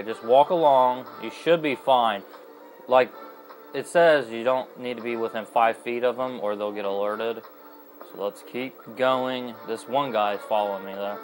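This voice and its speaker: A young man narrates his gameplay in a casual, chatty way. He rambles and often stops to correct himself. His voice sits at a middle pitch for a man. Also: low-quality recording. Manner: rambling and chatty, with many fillers and self-corrections. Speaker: gaming video host. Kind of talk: casual let's-play commentary.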